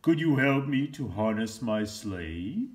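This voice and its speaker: A man voicing a jolly old Santa in a storybook read-aloud, loud, slow and hearty. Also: medium pitch, sing-song.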